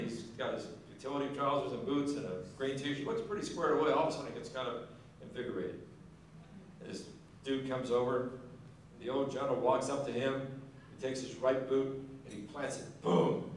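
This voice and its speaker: A man's voice: mid-range voice, distant mic. A man spins a long, folksy story for a banquet crowd, wandering through the details with easy asides. His voice rings out through a huge, echoing hall. He is caught from well away from the mic, with a faint hum of the room underneath. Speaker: speaker at a Marine Corps ball. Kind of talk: after-dinner joke telling.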